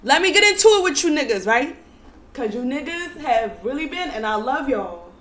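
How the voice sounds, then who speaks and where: A young American woman giving an emphatic, repetitive monologue to camera, often building to near-yelling. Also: high-pitched, sing-song, normal speed. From United States. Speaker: spiritual vlogger.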